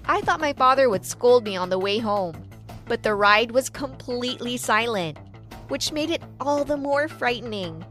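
A woman narrating an animated story in the first person with a dramatic storybook delivery. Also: on the high side, moderate pace, soft background music.

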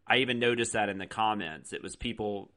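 Guy with a bright, forceful voice rambling on a podcast, says "like" a lot. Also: lowish voice, fairly quick. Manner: animated, rambling with many "like"s. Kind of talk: casual podcast discussion.

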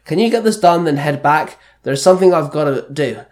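A kind young leader explains himself calmly, in a man's voice. It is part of a one-man fan audiobook. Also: a little high, fairly quick, natural voice. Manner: calm, explaining. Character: kind young aid worker, male leader.

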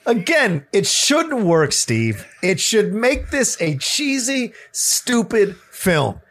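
A man's voice: high-pitched, big pitch swings, slow, a bit bright. A man co-hosting a film podcast, talking with enthusiastic, emphatic praise. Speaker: podcast co-host. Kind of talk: casual film discussion.

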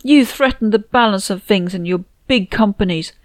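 A woman's voice: mid-range voice, moderate pace, no room sound, voice pushed up, close to an everyday voice. A woman doing a bitter, scolding mother. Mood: accusing. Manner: accusing and harsh.

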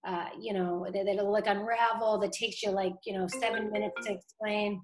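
A woman's voice: medium pitch, fairly even intonation, soft background music. A woman from Boston, a communications director, talking casually in an interview with lots of "like" and "you know". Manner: chatty, many "like" and "you know" fillers, quick laughs. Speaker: city council communications director.

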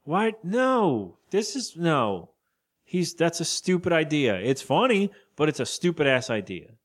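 Pitched fairly high with big swings, this man co-hosts a laid-back podcast. He wanders through a recap of the episode and voices the characters' lines rapidly.

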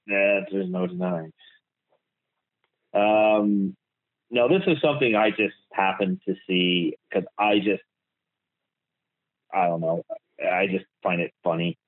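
A man's voice: sits low, slow pace, long pauses. Giggly, hesitant man on a tinny line. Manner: giggly, hesitant, full of fillers. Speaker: podcast co-host. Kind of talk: casual chat.

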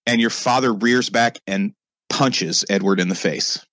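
A man's voice: fairly low pitch, measured pace, fairly bright tone, dry recording. A man narrating as game master, rambling with many fillers and repeated asides.

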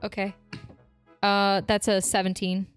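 A woman's voice: medium pitch, flat delivery, unhurried, soft background music. A woman playing a tabletop game, taking charge and laying out plans point by point. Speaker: player.

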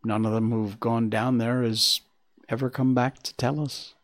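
A man voicing a gentle, reassuring male oak leaf in a storybook reading, speaking softly and tenderly. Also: mid-range voice, measured pace, natural voice. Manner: soft, tender, calming.

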